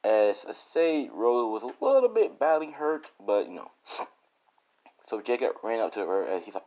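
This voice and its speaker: A man's voice: mid-range voice, sing-song, normal speed, mellow. A man casually improvising a fan story, rambling and correcting himself as he goes.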